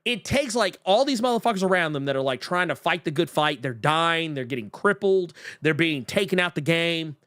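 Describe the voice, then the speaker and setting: Animated, profane male podcast co-host. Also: on the high side, normal speed, few pauses. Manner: animated, profane, acts out characters mockingly. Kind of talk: casual chat.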